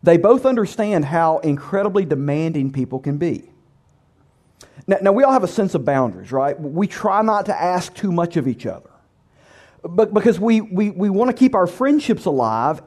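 A man's voice: sits high, very animated, moderate pace, darkish tone. A male pastor preaching a sermon in a conversational, humorous way, with vivid storytelling.

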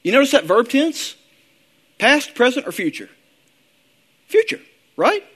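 A man preaching a sermon, earnest, slowing down and softening his voice to read prayers and scripture. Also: very high voice, expressive, husky. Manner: earnest, slows down and softens when reading prayers. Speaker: pastor.

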